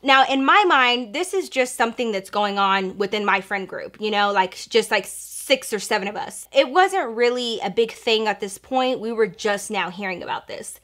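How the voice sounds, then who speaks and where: A young woman telling a casual storytime to her viewers, animated, slangy and profane, talking straight to the camera. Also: fairly high pitch, normal speed, few pauses. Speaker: storytime vlogger.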